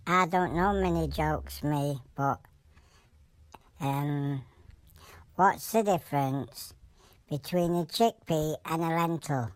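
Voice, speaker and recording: A woman voicing a deadpan Yorkshire comedy animal. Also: sits low, slow, long pauses, no echo. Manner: deadpan, rambling joke-telling in broad dialect. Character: a blunt animal telling deadpan jokes.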